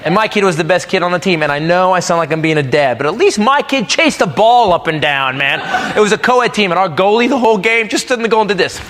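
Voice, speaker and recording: A man performs stand-up before a live comedy club audience, ranting with exasperated, mock-patriotic energy as loud laughter rings out. He talks fast with few pauses, his high-pitched voice animated.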